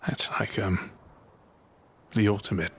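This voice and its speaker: A man's voice: lowish voice, little pitch movement, measured pace, breathy edge. A man role-playing his tabletop character, speaking in a reflective, musing way. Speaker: player.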